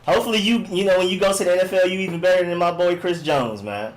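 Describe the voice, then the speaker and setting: A man's voice: sits high, quick pace. A man hosting a casual sports live stream, rambling in a slangy, laid-back way as he reads and answers viewer comments. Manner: laid-back, rambling, slangy, often says "you know what I'm saying".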